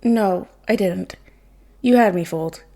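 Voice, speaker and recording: A woman reading the part of an eager, excitable caped superhero who deflates easily. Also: medium pitch, measured pace. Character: earnest, excitable man of steel superhero.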